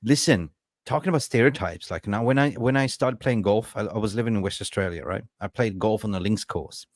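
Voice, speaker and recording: A man hosting a casual football fan podcast, an animated storyteller who laughs often. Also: lowish voice, fairly quick, dry recording. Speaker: podcast host.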